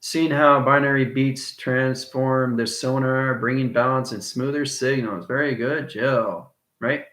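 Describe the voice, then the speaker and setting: A man giving a rambling spiritual monologue, chuckling often and swinging between soft and loud talk. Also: medium pitch, steady tone, a little slow, reverberant. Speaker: channel host.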